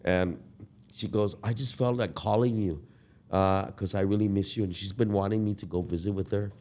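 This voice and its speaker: An older man from Guam, a guest musician, telling stories in a relaxed podcast conversation. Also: fairly low pitch. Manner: relaxed, reminiscing, drawn-out storytelling.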